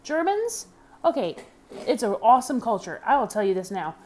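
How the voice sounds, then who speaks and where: A woman's voice: on the high side, sing-song, moderate pace, slight background noise. An American woman vlogging in casual chat, rambling, frank and chatty, hot and sweaty. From United States. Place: indoors in Germany.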